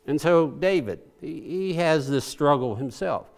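A man's voice: a little high, animated, normal speed, hardly any pauses. A male preacher giving a sermon, praying aloud with passion as he paraphrases scripture.

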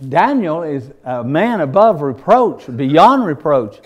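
A man preaching a sermon in a folksy storytelling style, swinging from hushed narration to loud exclamations. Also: on the high side, big pitch swings, slow pace. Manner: folksy, homespun phrasing.

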